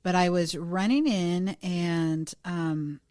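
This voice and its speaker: Chatty, low-voiced woman podcast host. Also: fairly even intonation, slow pace, a little mellow, dry recording, clean studio sound. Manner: chatty, self-deprecating, salty storyteller. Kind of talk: casual storytelling chat.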